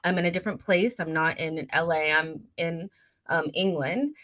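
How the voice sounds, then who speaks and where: Her voice sits on the low side with a bit of brightness, and she talks at a moderate pace. Reading out viewer comments on her laid-back fan livestream, this young woman is chatty and rambling, full of fillers and self-corrections, captured by a desk studio mic.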